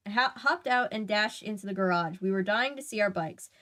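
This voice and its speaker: A woman reading a book aloud in a relaxed way, dropping wry chatty asides. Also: medium pitch, brisk. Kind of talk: read-aloud with casual asides.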